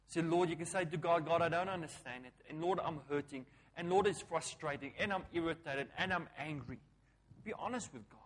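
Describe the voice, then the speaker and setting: A man, preaching a sermon as a pastor, emphatic and repetitive, swinging from loud calls to hushed lines. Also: medium pitch. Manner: repetitive, call-and-response phrasing.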